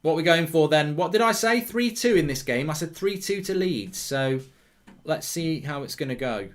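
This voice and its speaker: A man's voice: fairly high pitch, expressive, normal speed. A man hosting a live football watchalong, calling the action, cheering goals and reading viewer comments aloud in casual chat. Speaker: watchalong host.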